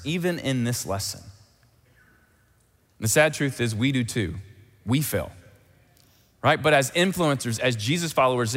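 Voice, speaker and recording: Animated preacher man in a reverberant hall. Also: medium pitch. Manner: animated, emphatic preaching with repeated phrases. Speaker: pastor. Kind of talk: sermon.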